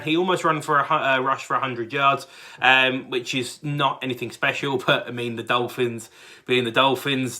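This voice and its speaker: Excitable British man reacting to football. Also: mid-range voice. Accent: British English. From England. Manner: excitable, rambling with many fillers and restarts. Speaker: sports fan channel host. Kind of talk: casual fan reaction.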